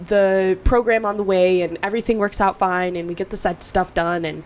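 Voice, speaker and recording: A young adult woman, a podcast guest, telling a story in a casual, animated way with frequent fillers and swearing. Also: mid-range voice, brisk.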